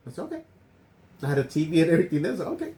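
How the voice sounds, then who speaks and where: A man's voice: a little high, very fast, rough recording. A man telling a childhood story in casual chat, acting out the voices of the people in it. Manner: animated, acts out quoted voices. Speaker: podcast co-host.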